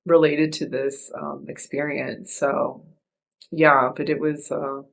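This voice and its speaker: A woman podcast host talks in a relaxed, reflective chat. Her voice carries a gravelly, creaky edge. She rambles earnestly and softly, circling back with fillers and restarts. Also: low voice, slow.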